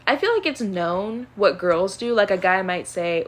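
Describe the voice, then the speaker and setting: A young woman casually answering would-you-rather questions on her own channel, chatty and animated, with plenty of fillers. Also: medium pitch, normal speed, few pauses. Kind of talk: casual chat.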